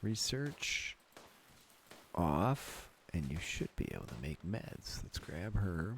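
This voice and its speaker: A man's voice: low voice, sing-song, slow pace, slight background noise. A man from Wisconsin giving casual gameplay commentary, thinking aloud and chuckling often. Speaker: let's play gamer.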